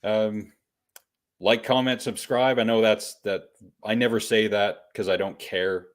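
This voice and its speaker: A man's voice: on the low side, steady tone, unhurried. Chuckling man hosting a casual podcast. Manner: chuckles often, joking banter. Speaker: podcast host. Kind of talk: casual chat.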